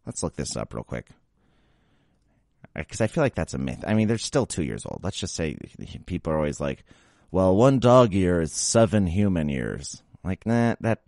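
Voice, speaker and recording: A man's voice: a bass voice, a little mellow, no echo, studio quality. A young adult man hosting a pet podcast, grumbling and exasperated in a casual solo rant, feeling a bit sick after drinking. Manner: grumbling, exasperated, mocks baby talk. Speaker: podcast host.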